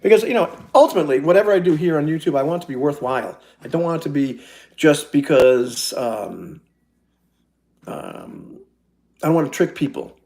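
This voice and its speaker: A man's voice: fairly high pitch, huge pitch swings, moderate pace, vocal fry, a little mellow. A man chatting casually on a live stream, rambling and self-deprecating, talking straight to his viewers from a friend's house. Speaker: YouTuber doing a live stream.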